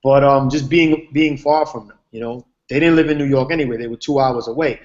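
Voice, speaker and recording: A man's voice: medium pitch, fairly quick, darkish tone, muffled recording. A man, a TV writer, telling a long story in a casual, rambling way with lots of slang and fillers, heard over a video call. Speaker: TV writer, guest. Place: online video hangout.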